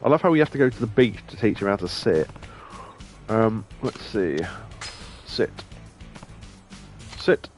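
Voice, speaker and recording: A man's voice: on the low side, expressive, measured pace, pauses often, soft background music. Chatty man streaming a game. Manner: chatty, muses aloud, laughs often. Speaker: let's play streamer. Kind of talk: casual gameplay commentary.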